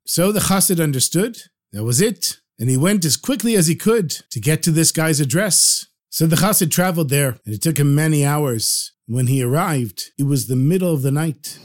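A man's voice: fairly high pitch, lively intonation, normal speed, few pauses. A man telling a folk story, animatedly acting out every character. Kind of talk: told folk story podcast.

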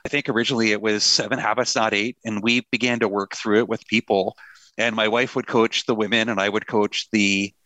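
A man's voice: fairly low pitch, flat delivery, fairly quick, bright, forceful tone, no room sound. A middle-aged man, a pastor and author, talking earnestly in a conversational interview with a touch of self-deprecating humor.

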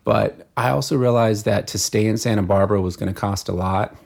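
A man as a podcast guest, recounting his working years in a steady, matter-of-fact way. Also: fairly low pitch, fairly quick, creaky. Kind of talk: casual interview chat.

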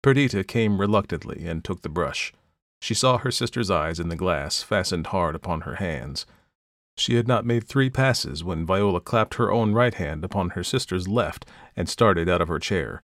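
Low-voiced man reading a classic story. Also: expressive, moderate pace, fairly bright tone, dry recording, studio quality. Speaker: narrator. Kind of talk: audiobook reading of classic fiction.

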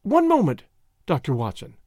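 A man's voice: sits high, very animated, fairly quick, darkish tone, dry recording. A man reading a storybook, voicing an anxious widow who pleads earnestly. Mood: pleading. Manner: earnest, imploring. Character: pleading anxious grieving widow, woman, adult. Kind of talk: audiobook character voice.

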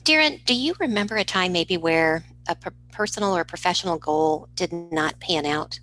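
A woman with a bright, forceful voice pitched a little low co-hosts a podcast. She asks her guest questions and reacts with warm encouragement. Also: moderate pace, rough recording. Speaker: podcast co-host.

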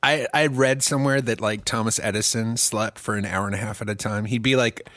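A man's voice: lowish voice, steady tone, fairly quick, a bit bright, no room sound. A man in his thirties chatting casually on a podcast, rambling and mocking himself with frequent laughs. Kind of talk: casual chat.

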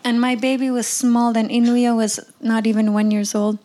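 A woman's voice: a little high, level tone, moderate pace, mellow. A young woman from the Canadian Arctic giving an impassioned personal talk, blunt and freely profane. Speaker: speaker sharing her views.

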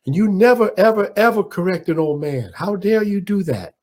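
A man doing an impression of a commanding, proud boxing champion who speaks loudly and emphatically. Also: high-pitched, expressive, normal speed, voice pushed up. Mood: indignant. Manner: loud, emphatic, preaching about respect.

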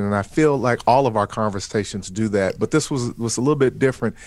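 A man with a lowish voice hosts a faith-based interview podcast, affirming his guest throughout. He peppers the conversation with "praise God" and "amen." The recording is dry.

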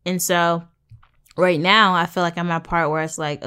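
A woman's voice: lowish voice, flat delivery, moderate pace, pushed and bright, clean tone. A woman in her twenties talking earnestly and a bit tiredly about her faith, rambling with many fillers and restarts. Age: 20s. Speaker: podcast host. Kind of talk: faith-based personal talk.

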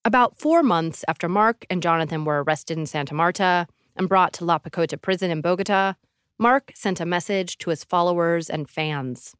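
Low-voiced woman narrating a podcast. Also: clear, resonant tone, dry recording, clean studio sound. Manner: measured, dramatic. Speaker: podcast host. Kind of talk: scripted narration.

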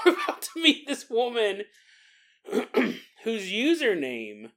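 A man talking through his podcast on his own, casual and chatty, with a voice that rises and falls all over. He has a bright, forward tone and keeps breaking into laughter as he acts out the people in his stories. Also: high voice, a little slow. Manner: animated, laughing often, acting out quoted voices. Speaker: podcast host. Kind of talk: casual solo podcast monologue.

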